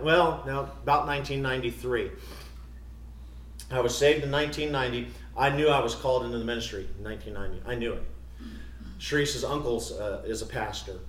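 A middle-aged man preaching a sermon as a pastor, emphatic, rising to loud declarations and dropping to quiet personal asides. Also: mid-range voice, far from the mic. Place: church sanctuary. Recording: roomy church echo.

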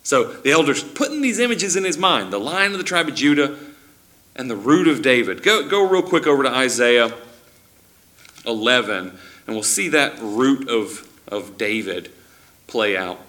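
A man's voice: medium pitch, animated, normal speed, bright, forceful tone. A man preaching a sermon in a conversational teaching style, often restarting his sentences and acting out quotes.

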